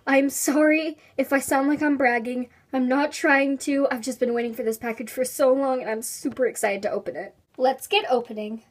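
Young woman, high voice, giggly gushing unboxing vlog, rambling, distant camera mic, faint hiss. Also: fairly even intonation, normal speed, few pauses. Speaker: toy unboxing vlogger.

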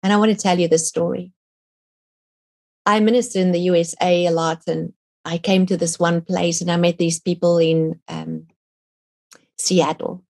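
A woman's voice: fairly low pitch, level tone, moderate pace, gravelly, long pauses, a little mellow. A middle-aged woman, an author and guest, telling her faith story in a fervent, earnest way. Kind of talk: personal faith testimony.

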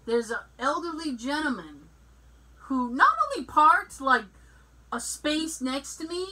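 A woman chats on a podcast, her voice high and swinging widely in pitch. She takes her time and acts out the people in her story, laughing often. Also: animated, measured pace, bright, forceful tone, rough recording. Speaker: podcast co-host. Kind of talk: casual storytelling chat.

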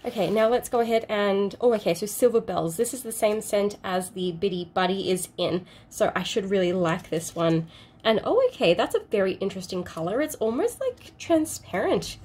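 Gushing Australian woman unboxing. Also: on the high side. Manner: gushing, exclaims often. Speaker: unboxing vlogger. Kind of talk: excited unboxing chat.

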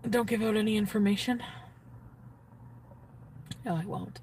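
A woman's voice: medium pitch, steady tone, measured pace, a little mellow, recorded from a distance, a little hiss or hum. A woman chatting on a phone livestream from a parked car, giddy and gushing, reading and answering her chat.

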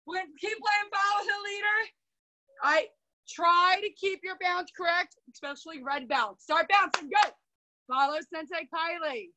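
A young woman teaching a karate class over a video call, brisk and commanding as she cues and counts drills. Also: very high-pitched, bright, forceful tone, recorded from a distance, rough recording. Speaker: karate instructor.

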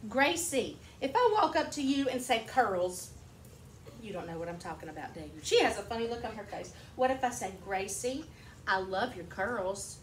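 Teacher lady explaining stuff to little kids, kinda high voice, echoey classroom. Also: big pitch swings, a little fast, few pauses, a little hiss or hum. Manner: patient, explains with examples. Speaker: kindergarten teacher.

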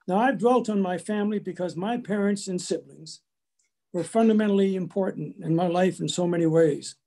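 An older man from Canada giving a prepared lecture, telling family stories in a measured way with small restarts. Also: sits high, creaky, mellow. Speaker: guest lecturer.

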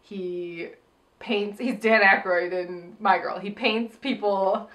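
A woman's voice: medium pitch, steady tone, slow, fairly bright tone. A woman co-hosting a casual movie review chat, rambling and chatty as she walks through scenes. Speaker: podcast co-host.

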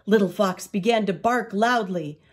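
An older woman reading a children's storybook aloud in an expressive, unhurried way. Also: mid-range voice. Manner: expressive, slow read-aloud.

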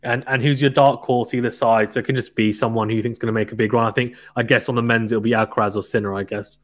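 A man hosts a relaxed tennis conversation, talking in a lively, chatty way and often breaking into laughter. His voice sits at an ordinary middle pitch. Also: quick pace. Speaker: tennis podcast host. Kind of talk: casual chat with a guest.

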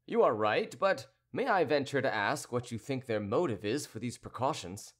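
A man voicing a sly, composed townsman who speaks politely and in a measured, teasing way. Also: medium pitch, lively intonation, natural voice.

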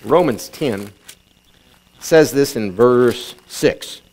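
A man's voice: medium pitch, animated, extremely slow, darkish tone. A middle-aged man preaching a sermon, reading scripture and driving points home by repeating them. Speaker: pastor.

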